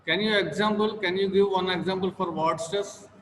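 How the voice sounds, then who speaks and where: A man's voice: sits high, fairly even intonation, normal speed, fairly bright tone. A man giving a classroom lecture as a teacher, repeating each example several times to model stress and intonation. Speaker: English teacher. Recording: long classroom reverb, faint noise.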